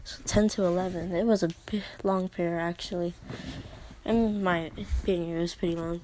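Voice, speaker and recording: A woman's voice: on the low side, steady tone, warm tone, a little hiss or hum. Hesitant young girl telling a story. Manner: hesitant, halting, many fillers and restarts. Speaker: vlogger. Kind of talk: personal storytelling vlog.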